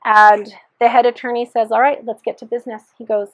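A woman's voice: on the high side, level tone, fairly quick, no room sound. A woman sharing her personal testimony in an earnest storytelling manner, re-enacting the dialogue as she recalls it.

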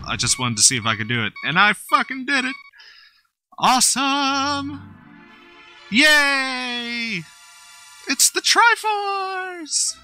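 A gaming YouTuber with a mid-range voice gives casual gameplay commentary, playful and excitable, laughing and swearing often.

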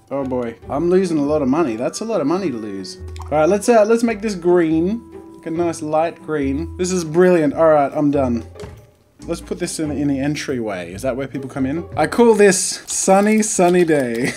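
A man hosts a let's play, his commentary jokey and self-mocking. His voice sits a little high for a man. Faint game music plays underneath. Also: expressive, normal speed, mellow. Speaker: YouTube host.

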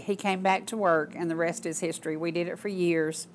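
An older woman hosts a local talk show, chatting straight to her viewers. Her talk is gushing and folksy, full of homey asides. Her pitch sits in an ordinary middle range for a woman. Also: steady tone, fairly quick, a bit bright. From Georgia, US. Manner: gushing, folksy, addresses audience as y'all. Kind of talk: casual chat to viewers.

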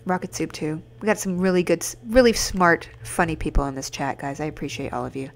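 A woman's voice: low-pitched, expressive, brisk, gravelly, slight background noise. A woman streaming a video game, joking playfully and chatting with her viewers. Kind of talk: casual live-stream commentary.

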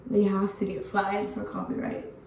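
A woman's voice: mid-range voice, completely flat delivery, moderate pace, gravelly, a little mellow, a little hiss or hum. A young woman in her early twenties, rambling bluntly with swearing as she chats while getting ready at home. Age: early 20s. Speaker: vlogger. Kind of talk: get-ready-with-me chat. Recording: echoey room, distant mic.

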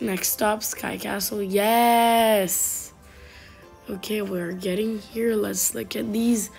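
A woman chatting casually over her game, playful and talkative, with a gravelly edge to her voice. She talks slowly and reads the game's messages aloud as she goes. Faint game music plays behind her. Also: mid-range voice, steady tone. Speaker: gaming YouTuber. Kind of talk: casual gameplay commentary.

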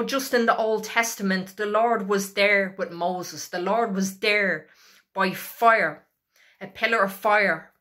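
A woman's voice: medium pitch, a bit bright. Woman preacher, fervent, emphatic, repeats lines in a preaching rhythm. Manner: fervent, emphatic, declaring with rising intensity; repetitive preaching cadence, slow stressed scripture reading. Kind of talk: sermon.

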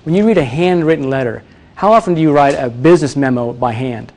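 A man teaching presentation skills to a live audience, energetic and demonstrative, often quizzing the room. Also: fairly high pitch, fast talker. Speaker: presentation coach. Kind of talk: live workshop talk.

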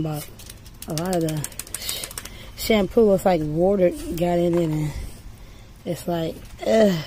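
A woman with a lowish, mellow voice gives a chatty, casual product review. Outdoors, she coaxes her dogs in a high sing-song, at times far from the mic, with steady noise behind her.

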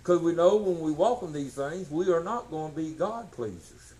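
A man preaching a sermon, folksy and emphatic, swinging from shouts to low tones. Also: expressive, normal speed, rough recording. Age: 60s.

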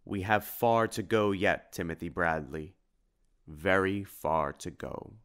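A stoic, earnest hero, as a male narrator reads him. He speaks in a low voice and makes solemn declarations. This is a storybook audiobook. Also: slow, a bit bright, clean tone. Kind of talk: audiobook character voice.

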